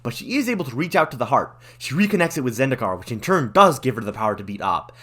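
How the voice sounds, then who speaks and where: A man's voice: mid-range voice, sing-song, fast talker, bright, forceful tone. A man and channel host retelling a fantasy card-game story in a casual, jokey manner, full of slang. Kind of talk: casual comedic story recap.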